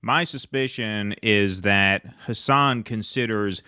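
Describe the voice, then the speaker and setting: Low-voiced man hosting a casual podcast. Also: slow, sharp tone, clean tone, no room sound, studio quality. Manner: loose, rambling, hedging asides. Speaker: podcast host. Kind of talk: casual commentary chat.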